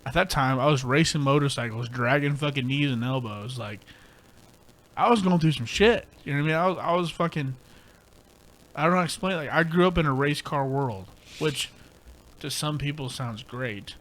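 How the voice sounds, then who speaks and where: A man's voice: mid-range voice, normal speed, fairly bright tone. A young man co-hosting a podcast, telling a rambling, profane story in casual chat. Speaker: podcast co-host.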